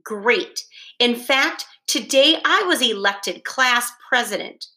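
A woman's voice: fairly high pitch, expressive, slow, bright, forceful tone, pitched above the performer's own voice, exaggerated voice. A woman voicing a fibbing, defensive schoolboy in a read-aloud storybook, in a lightly raised voice. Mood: innocent.

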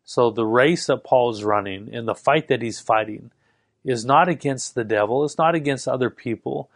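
A middle-aged man preaching a sermon in an earnest way, slowing down to stress key words. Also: mid-range voice, no room sound, studio quality. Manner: earnest, with slow emphatic stresses.

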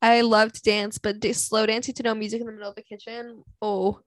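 This young woman's voice is a little high and brisk, with little pitch movement, as she rants alone on her podcast about dating pet peeves. She is blunt, profane and dramatic, sighing often as she goes.

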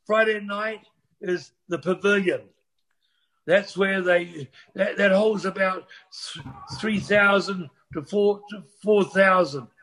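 High-voiced older New man. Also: slow, a bit bright. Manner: rambling, restarts, swears freely. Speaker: guest storyteller. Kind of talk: casual storytelling chat.

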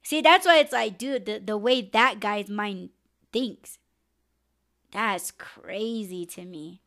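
A young woman hosts a live podcast and rants casually, venting bluntly and animatedly with lots of swearing. Her voice is medium in pitch and she speaks slowly.

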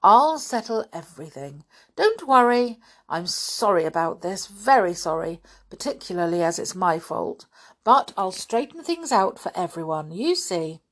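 A woman's voice: lowish voice, big pitch swings, a little slow. Woman reading as a blustering, clever uncle. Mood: soothing. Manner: blustering, then comforting, grim. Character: absent-minded clever uncle, gruff then soothing.

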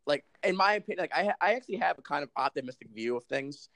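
Twenties male podcast co-host, rapid animated delivery, casual and rambling. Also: on the high side. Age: 20s. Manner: rambling, lots of "like", jokey, laughs often.

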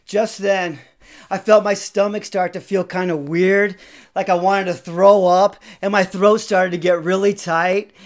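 A young man narrating a personal story in a casual, conversational way, acting out what people said. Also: high voice. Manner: lively, conversational, acts out quotes.

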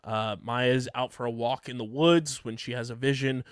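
A man's voice: medium pitch, fairly even intonation, moderate pace, clear, resonant tone, no room sound, clean studio sound. Laughing man recapping a show. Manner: laughs often, recaps plot with filler ums. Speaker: podcast co-host. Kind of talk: casual show recap chat.

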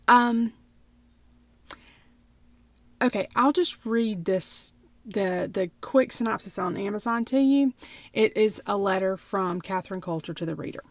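A woman's voice: medium pitch, no room sound. Chatty woman, dry sound. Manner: chatty, laughs and stumbles over words. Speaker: podcast co-host. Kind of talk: casual book-club chat.

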